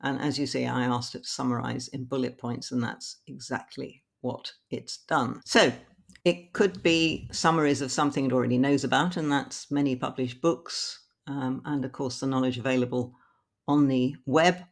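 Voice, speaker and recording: A British woman presenting a screen-recorded tutorial in a plain, explanatory way, slowly reading her typed prompts aloud. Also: a bass voice, steady tone, gravelly.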